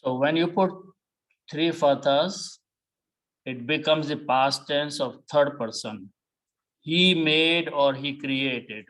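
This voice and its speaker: Guy teaching quran real slow, kinda high voice, keeps saying okay. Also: a bit bright, low-quality recording. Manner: deliberate, repeats key words, many "okay"s. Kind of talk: slow explanatory lesson.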